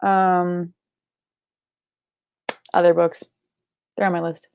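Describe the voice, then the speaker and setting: Young woman host, loose chatty delivery with fillers and swearing; creaky tone, dry room. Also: fairly low pitch, level tone, takes it slowly, no room sound, dull audio. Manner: chatty, swears casually, many filler likes and ums. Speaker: book club live show host. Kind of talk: casual livestream chat reading comments.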